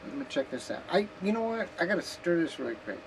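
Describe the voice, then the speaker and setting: A woman's voice: lowish voice, sing-song, fast talker, gravelly. A woman vlogging in a casual, rambling, joking way from her home kitchen, sometimes talking while eating. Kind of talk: casual chat. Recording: noisy background hiss.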